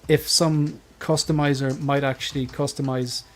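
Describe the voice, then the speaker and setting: A man's voice: medium pitch, level tone, normal speed. A man hosting a collectors' livestream panel, chatting casually with his co-hosts, rambling and laughing as he goes. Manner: rambling, restarts and trails off, laughs often. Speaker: livestream host.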